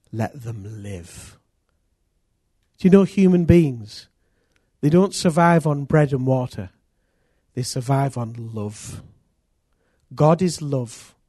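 A man preaching a sermon as pastor, earnest and intimate, with sudden loud rises. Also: a little high, dry recording, clean studio sound.

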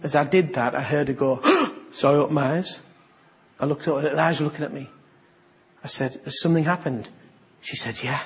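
A man preaching a sermon, telling a story and acting out the dialogue, with sudden bursts of excitement. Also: a little high, a little fast, pauses often, muffled recording.

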